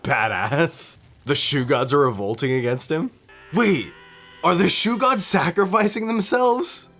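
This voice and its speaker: A young man giving casual, excited reaction commentary on a show, swearing often and laughing as he watches. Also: on the high side, a little slow, soft background music. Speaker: reaction video host.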